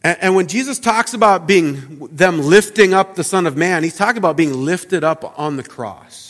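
A man preaching a sermon as a pastor, earnest, often repeating words and dropping to a quiet low voice for emphasis. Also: moderate pace. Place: church sanctuary. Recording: church hall reverb.

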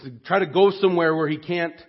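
Husky-voiced man preaching earnestly. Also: quick pace. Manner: earnest and expressive, dropping soft and low on grave moments. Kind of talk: sermon. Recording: dull lo-fi recording.

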